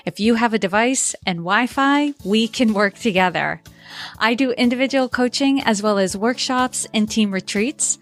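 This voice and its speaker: A woman from Massachusetts hosting a podcast, reading a scripted intro and introducing her guest. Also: on the high side. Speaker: podcast host and leadership coach.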